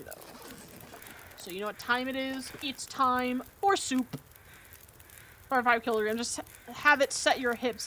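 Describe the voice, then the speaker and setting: Woman streamer, loose gameplay chatter, swears and jokes, fairly high and very lively voice. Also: a little hiss or hum. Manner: animated, joking, swears freely. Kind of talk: casual gameplay commentary.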